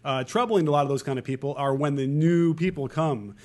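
A man's voice: a little high, a little fast, a little mellow. A man co-hosting a political podcast, talking loosely and wryly as he thinks aloud. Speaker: podcast co-host.

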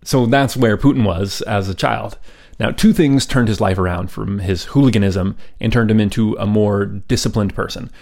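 A man's voice: on the low side, moderate pace, vocal fry, darkish tone. A man hosting a history podcast, telling the story in a casual, conversational way with frequent ums and side remarks.

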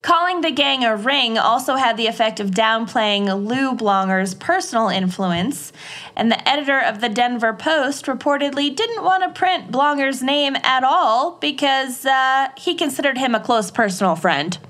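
A woman co-host telling a true-crime case in casual chat. She reads from her notes in a fairly high voice and drops in chatty asides. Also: lively intonation, moderate pace, fairly bright tone.

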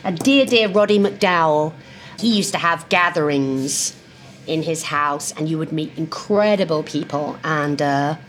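An older woman from England, telling lively anecdotes and acting out voices over lunch in a restaurant. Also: sits low, unhurried, a little hiss or hum. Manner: lively storyteller who acts out voices. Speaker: guest. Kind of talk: casual chat.

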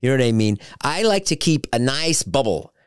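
A man's voice: medium pitch, very animated, normal speed, clean tone, no echo, studio quality. A man hosting a solo podcast, telling joking, rambling anecdotes with lots of fillers and restarts. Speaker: podcast host.

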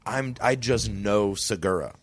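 A man's voice: on the low side, a little slow. A man who is a stand-up comedian, chatting casually as a podcast guest and swearing now and then. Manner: relaxed, conversational, casual swearing. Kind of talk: casual chat.

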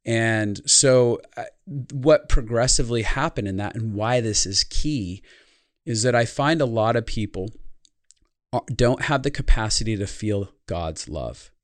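A man's voice: fairly low pitch, a little slow, no echo, studio quality. A man who works as a speaker and life consultant, talking in a podcast conversation, telling a personal story in an earnest, reflective way.

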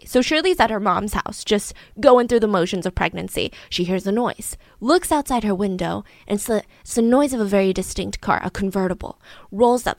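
A woman casually telling a true crime story in a chatty, animated way, acting out the quotes of the people in it. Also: mid-range voice, no room sound.

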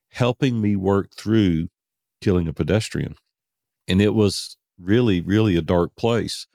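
Middle-aged man, very low voice, earnest conversational storytelling, dry close recording. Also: darkish tone, dry recording. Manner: earnest, conversational, repeats words for emphasis. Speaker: podcast guest. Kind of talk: candid personal storytelling.

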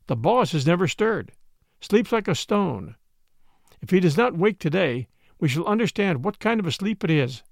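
A man reading a story aloud as an audiobook narrator, with expressive, shifting emphasis. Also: on the high side, creaky, no echo, studio quality.

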